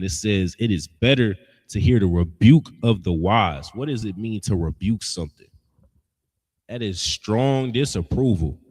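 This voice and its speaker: A man's voice: lowish voice, darkish tone, big-room sound. A man teaching a religious lesson in a blunt, scolding, emphatic way, with slangy asides. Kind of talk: street-style preaching lesson.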